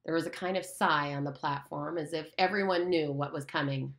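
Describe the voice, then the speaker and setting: Low-voiced woman reading an audiobook. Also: steady tone, fairly quick, gravelly, hardly any pauses, fairly bright tone. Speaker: audiobook reader. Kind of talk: audiobook narration.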